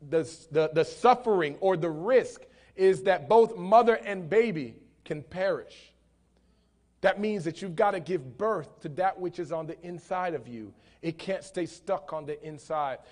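A male pastor preaching a sermon in church, punctuating his lines with hallelujahs and swinging between loud bursts and quiet lines. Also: high voice. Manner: preaching with frequent hallelujahs, swelling and dropping in volume. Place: church hall.

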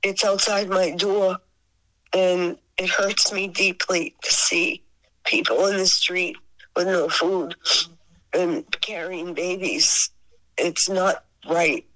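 A woman in her sixties with a Boston accent, a singer telling stories as an interview guest, sentimental and quick to laugh. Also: on the low side, steady tone, a bit bright, low-quality recording. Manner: laughs often, sentimental, sarcastic wit. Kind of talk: emotional storytelling.

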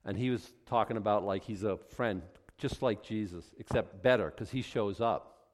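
A man preaching a sermon, acting out conversations in an animated, building delivery. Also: fairly low pitch, moderate pace. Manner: animated, acts out dialogue with rising intensity.

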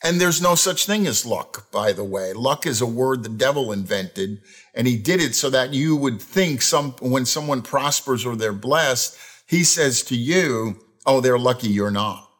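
A man's voice: medium pitch, unhurried. A middle-aged man preaching a sermon, telling stories and acting out the phrases people say. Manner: animated storytelling, acts out quoted phrases. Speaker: pastor.

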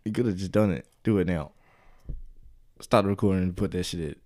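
A man's voice: sits low, brisk. A man hosting a comedy podcast, joking and swearing as he tells stories. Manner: joking, profane, animated storytelling. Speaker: podcast host. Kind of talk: casual comedic chat.

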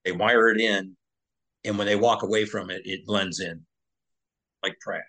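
Low-voiced man telling a war story. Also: fairly even intonation, measured pace, pushed and bright, low-quality recording. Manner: conversational storyteller, restarts and fillers, acts out quoted dialogue. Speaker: podcast guest, former Navy SEAL. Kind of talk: war story told in a podcast interview.

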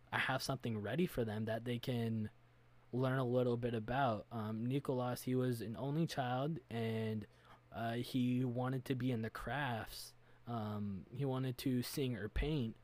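A man's voice: medium pitch, darkish tone. A man co-hosting a casual chat about running tabletop games, talking earnestly and thinking aloud as he goes. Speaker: game master, podcast co-host.

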